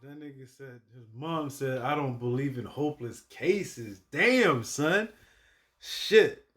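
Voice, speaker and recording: A man reacting on camera in a loose, slangy way, with a mid-range voice that is neither high nor low. He swears freely and circles back over his words as he thinks aloud. Now and then his voice jumps into loud, high exclamations. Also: moderate pace, faint music behind. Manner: loose slangy talk with frequent swearing and "you know what I mean"; restarts and repeats words while thinking aloud. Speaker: reaction video host. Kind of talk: casual reaction commentary.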